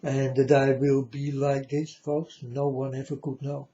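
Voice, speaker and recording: A man's voice: mid-range voice, monotone, measured pace, dark tone. A man giving a repetitive, insistent preaching monologue to viewers, calling them folks. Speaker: self-styled religious speaker. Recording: dull lo-fi recording.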